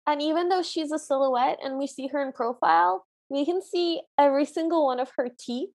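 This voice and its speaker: A woman's voice: sits high, brisk, creaky, a little mellow. A woman co-hosting a podcast, describing an old cartoon in a playful, enthusiastic way. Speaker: podcast co-host. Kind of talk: casual review chat.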